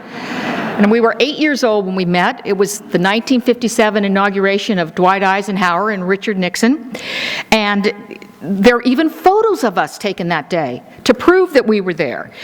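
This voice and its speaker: A woman in her sixties speaks to an audience, warm and sentimental with a gentle humor. Her voice sits at an ordinary middle pitch. The sound carries a long reverb, like a live talk recorded in a big hall. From United States. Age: 60s. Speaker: speaker presenting a book. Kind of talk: public talk with anecdotes. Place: event hall.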